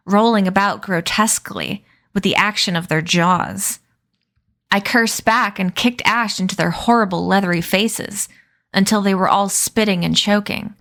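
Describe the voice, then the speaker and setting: Brief: woman narrator, expressive read-aloud of a novel, mid-range voice. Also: medium pitch, vocal fry. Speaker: streamer reading a novel aloud.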